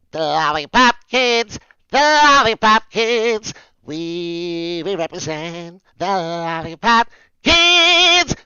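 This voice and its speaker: A man doing a chirpy little munchkin voice, singing slowly in a sing-song way. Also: fairly high pitch, vocal fry, clean tone, dry recording, dull audio, voice pushed up, exaggerated voice. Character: chirpy male munchkin singer, small and sweet.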